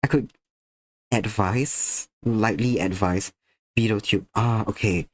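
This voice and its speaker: This man's voice is fairly low-pitched and slow, recorded with no echo. Worn out, a bit ill and drowsy, he slurs slightly while casually talking to viewers during a drawing stream.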